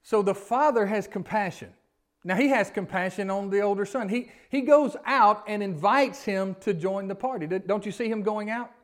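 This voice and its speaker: A pastor preaching to his congregation in a church. His voice sits high for a man, and he talks in a folksy way, often putting questions to the people in front of him. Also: moderate pace. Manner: folksy, asks the congregation questions, pleading rises. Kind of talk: sermon. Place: church sanctuary.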